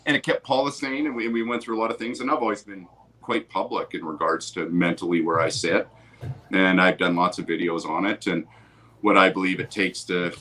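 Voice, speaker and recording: A man guest on a video call from home, telling animated stories and laughing often. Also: deep voice, fairly quick. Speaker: guest, photographer. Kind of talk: casual storytelling on a video call.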